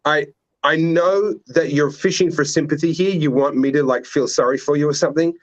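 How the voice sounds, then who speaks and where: A man's voice: a little high, fairly quick, highs cut off. A man hosting a casual chat, teasing and sarcastic. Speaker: host.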